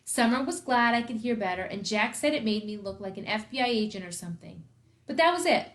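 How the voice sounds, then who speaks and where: Woman reading aloud, slightly high voice, expressive storytelling. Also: brisk. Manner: first-person storytelling, expressive. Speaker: school principal.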